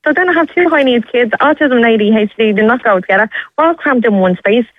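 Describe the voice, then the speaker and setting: A woman's voice: on the high side, lively intonation, fast talker, dry recording. A woman calling in, a mother of three, urgent and pleading, full of "like". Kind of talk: emotional phone-in. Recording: tinny phone line.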